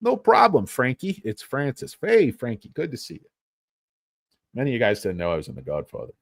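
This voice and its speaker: A man's voice: medium pitch, wildly swooping pitch, fairly quick, vocal fry, dry recording, studio quality. A man hosting a casual stock trading livestream, rambling and joking as he talks. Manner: rambling, joking, bouncy delivery.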